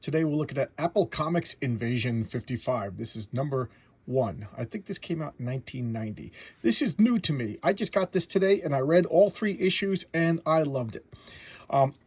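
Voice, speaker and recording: A man's voice: medium pitch, expressive, moderate pace, a little mellow, slightly rough, no room sound. A man casually reviewing a comic book at home, talking in a chatty way with many stumbling restarts.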